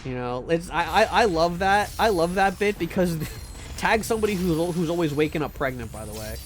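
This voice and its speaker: This is live gameplay commentary with chat reading from a man who keeps joking and frequently repeats words. He talks briskly in a fairly high, expressive voice. Slight background noise can be heard.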